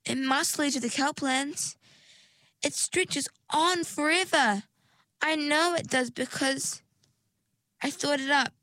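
A woman voicing a hopeful young mermaid girl in a storybook, eager and lifting high on her questions. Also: takes it slowly, long pauses, bright, forceful tone, no room sound, heavily acted. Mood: earnest. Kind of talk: storybook character voice.

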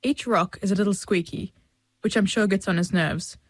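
A woman reading a first-person story as an audiobook, in a measured storytelling manner and close to the mic. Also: mid-range voice. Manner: measured storytelling, voicing family and friends in dialogue. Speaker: audiobook narrator.

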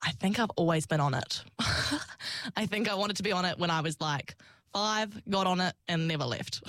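Telling stories casually in an interview, this young singer and actor laughs a lot and replays things she once said. She has a lowish, slightly bright voice at normal speed, with no room sound.

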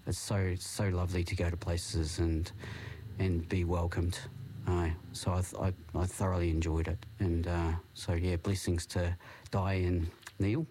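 A man's voice: deep voice, little pitch movement, measured pace, slight background noise. A man hosting a podcast in casual chat, with a hesitant, meandering way of talking. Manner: hesitant, many fillers and restarts, warm-hearted. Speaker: podcast host.

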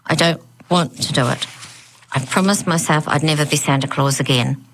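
A gloomy, tired old Santa, as a woman reading the story puts him on. He talks in a lackadaisical, sighing way, with a low voice and no drive left in him. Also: normal speed, a bit bright, slight background noise. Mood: weary. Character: gloomy weary former Santa man.

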